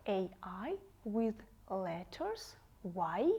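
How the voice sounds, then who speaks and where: A woman English teacher giving a TV lesson to children, saying each word slowly and carefully and repeating it twice. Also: medium pitch, big pitch swings, warm tone, dull audio, slight background noise.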